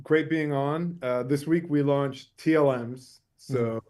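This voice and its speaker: A man's voice: on the high side, steady tone, takes it slowly, a little mellow. A man founder guesting on a tech show, friendly and laughing easily as he explains his product. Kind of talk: casual interview.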